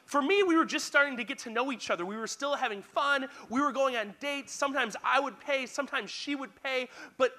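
Bright-voiced young man telling stories. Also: very high voice, a little fast, hardly any pauses. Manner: animated, self-deprecating storytelling that speaks straight to the listeners. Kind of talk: storytelling sermon.

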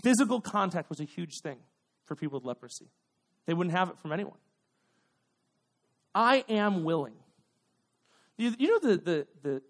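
A young man preaches to a youth group with a high voice. He talks loosely, with plenty of fillers and "okay?" checks, and acts out little voices for his examples. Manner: chatty, full of fillers and "okay?" asides. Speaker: youth pastor. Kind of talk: sermon.

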